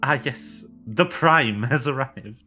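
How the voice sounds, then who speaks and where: A man's voice: mid-range voice, slow, bright, forceful tone, faint music behind. A man chatting casually and laughing often as game master before a tabletop game from a home streaming setup.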